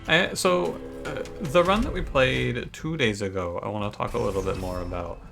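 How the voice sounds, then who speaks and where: A man's voice: medium pitch, normal speed, gravelly, music in the background. A man with a Michigan accent, chatting casually and thinking aloud as he opens a let's-play video for his channel. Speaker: gaming YouTuber.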